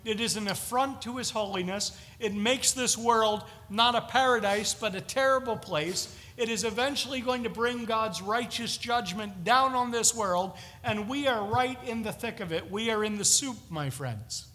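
A man preaching a sermon in a chapel, conversational and animated, with jokey asides. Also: extremely high pitch, moderate pace, hardly any pauses. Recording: long reverb of a large chapel.

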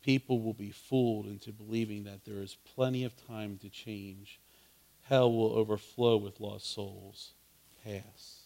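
A man's voice: a little high, fairly even intonation, normal speed, a bit bright, clean tone, natural voice. A man pastor voicing a scornful male Satan who judges his demons' plans, told as sermon storytelling. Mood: hushed, sly. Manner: dismissive, judging each plan. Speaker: pastor telling an illustration.

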